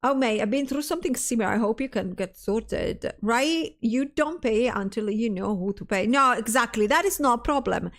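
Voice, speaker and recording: A woman's voice: fairly high pitch, animated, moderate pace, hardly any pauses. A stressed woman streamer in casual livestream chat, ranting, swearing often and restarting her sentences as she reads chat aloud.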